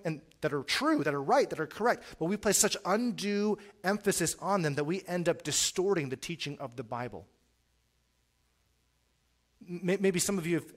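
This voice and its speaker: A middle-aged man with a somewhat high voice delivers a sermon earnestly. He repeats words as he begins phrases and swings between quiet and loud.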